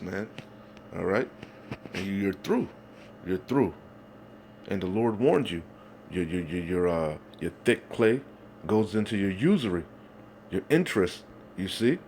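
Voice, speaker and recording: A man's voice: low voice, unhurried, long pauses, a little mellow, slight background noise. A man preaching, reading Bible verses aloud and then commenting on them in a heated, denouncing way, again and again asking "you see?". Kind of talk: street-style scripture preaching.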